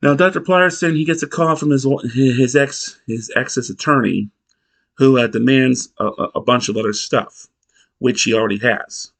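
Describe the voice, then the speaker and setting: A man reviewing a sitcom episode in casual narration, rambling and halting with many restarts. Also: medium pitch, creaky, a bit bright.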